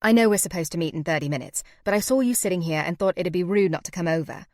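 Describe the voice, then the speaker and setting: A chatty, impish young woman, voiced by a woman narrator, breezing through friendly lines. Her voice is on the lower side and sounds dry and close. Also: fast talker, darkish tone, no room sound, close to an everyday voice. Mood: breezy.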